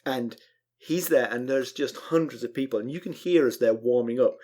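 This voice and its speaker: Co-host, mid pitch, storyteller, giggly with dry one-liners. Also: normal speed, dark tone. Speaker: podcast co-host. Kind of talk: casual chat.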